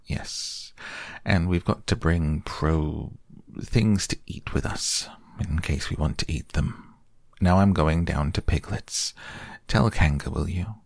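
A simple, cheerful bear, as a man reads him speaks in a hushed, half-whispered way. The voice is low and a little gravelly, read close and dry for a bedtime story. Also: slow, no echo, full character voice. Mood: muddled. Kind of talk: soft bedtime storybook reading.

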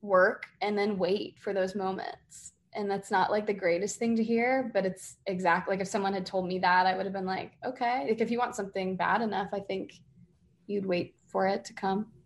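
A young woman from the Boston area, a singer-songwriter, talking casually in an interview with many fillers and lively quoted asides. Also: medium pitch, moderate pace. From Massachusetts, near Boston. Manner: chatty, many fillers, animated quoting.

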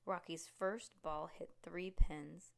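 A woman reading a picture book aloud to a child at home, relaxed and chatty with small slips. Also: fairly low pitch, slow pace, gravelly.

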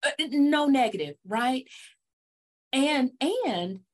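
A woman's voice: high voice, expressive, takes it slowly. Upbeat woman podcast host, laughing often. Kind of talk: conversational interview.

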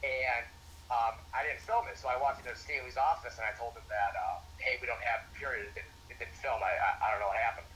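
A man's voice: medium pitch, fast talker, fairly bright tone, a little hiss or hum, low-quality recording. A young man, a former college football coach, telling stories in a casual interview with lots of fillers and restarts. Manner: rambling, many restarts and fillers.

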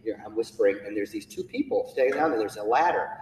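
A male teacher telling a personal story to an audience, animated and acting out what people said. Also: lowish voice, quick pace. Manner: animated storyteller, acts out quotes. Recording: echoey hall, distant mic, faint noise.

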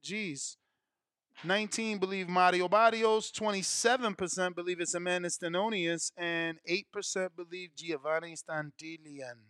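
A man hosting a boxing call-in show, taking callers and reading out poll results in a relaxed, slangy way. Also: sits high, moderate pace, clear, resonant tone, no echo, studio quality. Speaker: podcast host taking calls.

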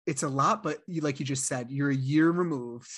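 A man's voice: a little high, moderate pace, a bit bright, slightly rough. A man hosting a podcast interview, casual and affirming toward his guest. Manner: supportive, affirming, says "man" and "dude". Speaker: podcast host.

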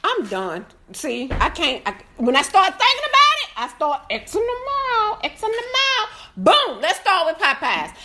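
Woman, live food-review rant; loud, profane, swooping and animated delivery, bright edge. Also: extremely high pitch, unhurried, few pauses. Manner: laughs through her complaints. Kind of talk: casual ranting review.

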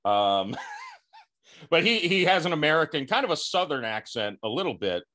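A man's voice: on the high side, big pitch swings, normal speed, sharp tone. A man hosting a podcast interview, chatty and laughing often between thoughts. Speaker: podcast host. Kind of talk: casual interview chat.

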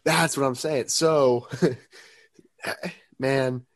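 A man's voice: mid-range voice, fairly even intonation, extremely slow, no echo. Sniffly man rambling about football. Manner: rambling, self-correcting, joking. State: sick with a cold, sniffly. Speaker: podcast co-host. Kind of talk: casual sports chat.

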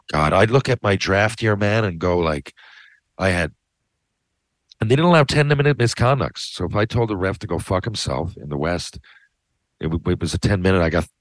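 A low-voiced middle-aged man rambling through a story on his podcast, swearing freely and cutting himself off to circle back. The sound is close and dry, with no room around it. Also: dry recording. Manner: rambling, profane, self-interrupting. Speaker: podcast host. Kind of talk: casual storytelling.

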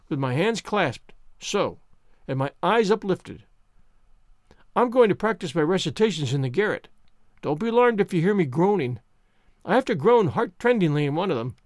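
A man voicing a chatty, dreamy, excitable orphan girl in a storybook reading, speaking in a gushing, romantic way. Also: sits high, moderate pace, no echo, clean studio sound. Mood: eager.

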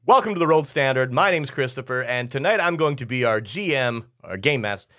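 A man's voice: mid-range voice, brisk. A man who is game master of a tabletop game, chatting and joking loosely with his players. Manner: animated, laughing, swearing. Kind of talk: casual chat.

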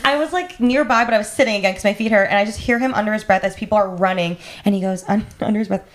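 A young woman co-hosting a podcast, telling a story in a gushing, animated way and acting out the quotes. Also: mid-range voice, rapid-fire. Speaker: podcast co-host. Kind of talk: casual storytelling chat.

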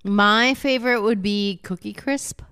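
A woman's voice: medium pitch, measured pace, pushed and bright, smooth, dry recording, studio quality. A woman co-hosting a casual podcast, candid and easily sidetracked, swearing now and then. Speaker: podcast co-host. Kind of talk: casual chat.

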